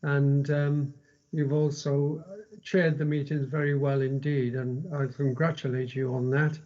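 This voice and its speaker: A man speaking as a councillor in a meeting, halting, with restarts. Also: mid-range voice, flat delivery, darkish tone. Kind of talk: meeting remarks. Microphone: video call. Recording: dull lo-fi video call audio.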